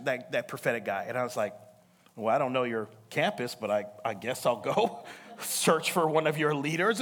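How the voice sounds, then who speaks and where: A man preaching to a congregation, his pitch swinging high and low as he acts out the people in his story. He talks at a medium pitch with quick bursts of laughter and frequent calls of "come on" and "amen". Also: a bit bright. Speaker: pastor. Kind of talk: sermon.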